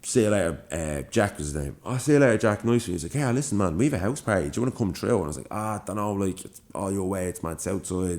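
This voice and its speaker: A young man from Ireland with a Dublin accent, co-hosting a podcast and telling an animated, swear-filled story. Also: low-pitched. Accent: Dublin Irish. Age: young adult. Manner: animated storyteller, swears freely, acts out quoted lines. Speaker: podcast co-host. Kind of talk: casual storytelling chat.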